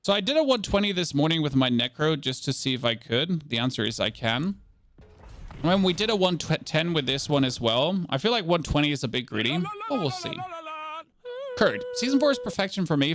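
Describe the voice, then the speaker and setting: A man's voice: fairly high pitch, sing-song, brisk, a bit bright. Sarcastic German man streaming to chat. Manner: sarcastic, rambling, talking to chat. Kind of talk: casual live-stream chat while gaming.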